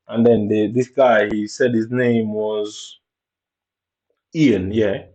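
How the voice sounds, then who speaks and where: A man tells his own story in a low, dark-toned voice, blunt and full of swearing. He acts out other people's words with sudden leaps in pitch. The recording is muffled and lo-fi. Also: fairly even intonation, slow, long pauses. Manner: blunt and profane, acting out others' lines with sudden high jumps. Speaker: vlogger telling a personal story. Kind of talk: casual storytelling. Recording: dull lo-fi recording.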